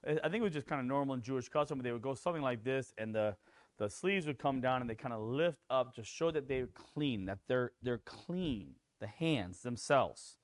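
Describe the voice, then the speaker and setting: A man preaching a sermon in a conversational way, with fillers like "you know" and "kinda", who rises into animated acted-out quotes. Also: mid-range voice, moderate pace, no room sound, studio quality. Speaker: pastor.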